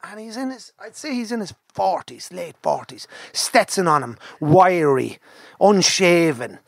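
An Irish man hosting a podcast, telling a story in a lively, animated way and acting out the people in it. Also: high-pitched, measured pace, creaky, dry recording, clean studio sound. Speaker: podcast host. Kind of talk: casual storytelling chat.

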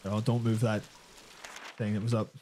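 A man's voice: fairly low pitch, level tone, warm tone, a little hiss or hum. A Northern Irish man playing a video game, reading aloud and cracking dry jokes. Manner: dry, jokey, reads aloud slowly. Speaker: game player. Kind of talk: casual gaming chat.

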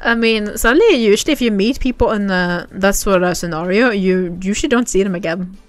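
A woman's voice: medium pitch, brisk, no room sound, faint music behind. A woman streaming a horse game, chatting casually with viewers and giggling often. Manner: giggly, chatty, reacts to chat. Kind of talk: casual livestream chat.

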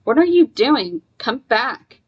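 An anxious young man with a sharp, urgent warning in his voice, as a woman puts him on. He is pushed higher and louder than the reader's calm narration. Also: a little fast, highs cut off.

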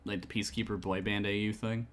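A man's voice: on the low side, little pitch movement, quick pace, slight background noise. A man chatting casually while streaming a survival game, rambling with lots of fillers and self-talk. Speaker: gamer streaming a survival server.

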